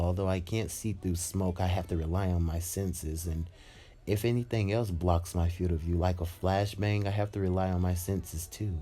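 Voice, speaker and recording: A man's voice: sits low, mellow, close to an everyday voice. A man voicing a polite, eager teenage hero boy in a fan-made storybook retelling, explaining his powers at length with a little hesitation. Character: shy eager teen hero boy with special eyes.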